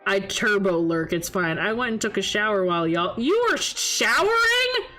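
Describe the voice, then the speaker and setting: A young woman streaming from home, chatting casually with her chat and telling animated stories with swearing and laughter, close to a desk mic. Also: medium pitch, moderate pace, soft background music, poor audio.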